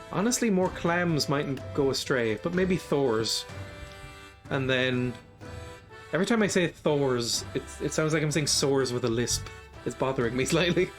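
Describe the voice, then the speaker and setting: A man streaming a strategy game, casually thinking aloud in a rambling way and chuckling often. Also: medium pitch. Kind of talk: casual gameplay commentary.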